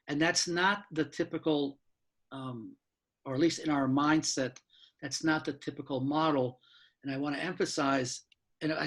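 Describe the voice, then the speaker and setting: A man in his sixties, a law professor and author, giving a frank, blunt talk with mild swearing and quick asides, from his apartment over a video call. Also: fairly high pitch, slightly rough. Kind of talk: candid lecture-style talk.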